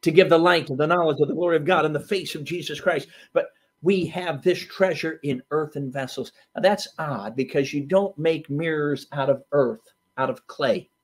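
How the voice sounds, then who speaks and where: A man preaching in a fairly high register, leaning hard on key phrases and then dropping to a near hush. He tells his stories with loose fillers and asides, keeping the sermon moving between teaching and anecdote. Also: moderate pace, few pauses. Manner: emphatic preaching with sudden swings between loud and hushed.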